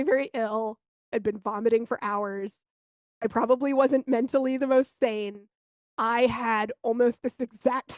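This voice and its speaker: A woman co-hosting a podcast, telling candid, animated stories in casual chat and swearing now and then. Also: a little high, dry recording. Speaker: podcast co-host.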